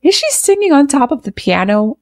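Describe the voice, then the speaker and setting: A woman's voice: sits high, sing-song, brisk, loud music behind the voice. A woman vocal coach reacting to a performance, analyzing technique and singing short phrases to demonstrate. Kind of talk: reaction video commentary.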